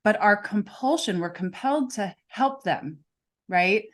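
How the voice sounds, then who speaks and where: A woman's voice: medium pitch, expressive, measured pace. A woman coach hosting a casual interview, emphatic and often checking in with "right?". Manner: emphatic, peppers talk with "right?". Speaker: podcast host, coach.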